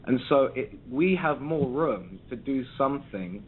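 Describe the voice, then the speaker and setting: A South London musician joins a casual interview over the phone, speaking reflectively and often restarting his sentences with plenty of ums. His medium-pitched voice has lively intonation and a measured pace, with slight background noise.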